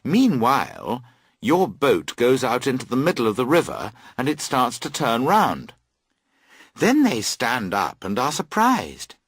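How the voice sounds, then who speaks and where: A man reads a classic story aloud for learners, slow and deliberate, his pitch swinging widely to dramatize each turn. His voice is husky and recorded dry and close. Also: no echo. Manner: slow, clear, very expressive. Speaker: audiobook reader. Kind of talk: scripted storybook narration for learners.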